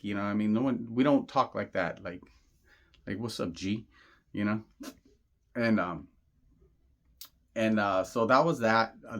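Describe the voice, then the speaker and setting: A man telling a personal story in a casual monologue, rambling and repeating himself with plenty of slang, earnest and insistent. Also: fairly low pitch. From Southern California. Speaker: channel host.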